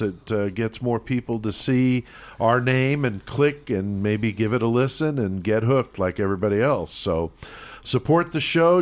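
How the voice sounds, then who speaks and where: A man co-hosting a podcast in casual chat, laid-back and profane, running through the show plugs. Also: medium pitch. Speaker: podcast co-host.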